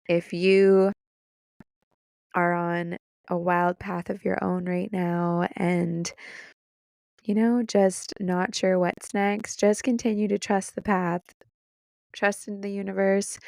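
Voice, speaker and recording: Young woman podcast host, fry in her lower voice, unhurried, excited and teary. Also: dry recording, clean studio sound. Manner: excited and emotional, laughing, fighting back tears. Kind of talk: casual solo podcast monologue.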